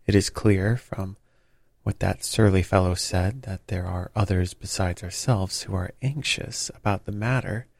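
A man voicing a confident detective who speaks in a crisp, assured, bland manner. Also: sits low, measured pace, darkish tone, dry recording, exaggerated voice. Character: brisk, confident male detective, bland and knowing.

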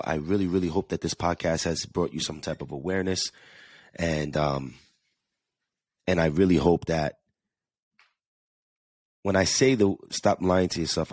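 A man's voice: sits low, a little mellow, dry recording, studio quality. A man with a New York–New Jersey accent hosting a casual solo podcast, chatty and earnest, often restarting and repeating words. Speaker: podcast host.

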